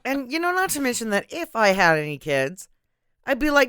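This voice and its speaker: Blunt woman with lively voice. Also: on the high side, brisk, clean tone, dry recording, clean studio sound. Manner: blunt, disgusted reactions. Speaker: podcast co-host. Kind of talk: casual comedic movie review chat.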